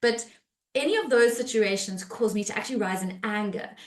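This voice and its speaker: A woman therapist talks in a casual podcast style at a mid pitch for a woman. Her delivery is conversational, full of fillers and restarts. She slips into lively voices when she acts out what people say. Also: fairly quick.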